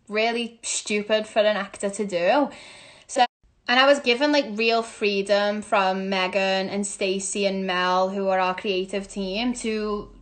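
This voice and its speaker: A woman's voice: mid-range voice, a bit bright. A young woman with a Liverpool accent, a musical theatre actress chatting casually through a phone Q&A, bubbly and self-mocking, laughing often. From Liverpool, England. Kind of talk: casual Q&A chat. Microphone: phone camera.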